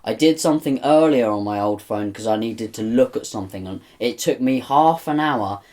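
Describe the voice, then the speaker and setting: A man's voice: medium pitch, moderate pace, a little mellow. A man co-hosting a podcast, rambling in exasperation and swearing freely in casual chat. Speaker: podcast co-host.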